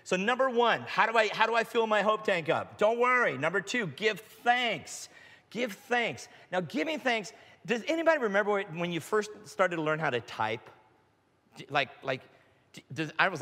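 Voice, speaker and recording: A middle-aged male pastor preaching an animated sermon, telling stories and acting out quotes, sometimes shouting. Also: moderate pace. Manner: animated, acts out quotes with big pitch jumps, shouts. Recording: long hall reverb.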